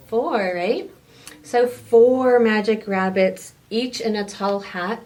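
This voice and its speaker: A woman reading a picture book aloud to children, expressive, with gasps and sound effects. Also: medium pitch. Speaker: children's story reader.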